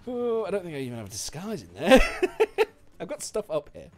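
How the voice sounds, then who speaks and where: Excitable sweary gamer. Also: male voice, high voice, fairly quick. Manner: excitable, sweary, bursts of shouting and laughter. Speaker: streamer. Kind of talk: live gameplay commentary.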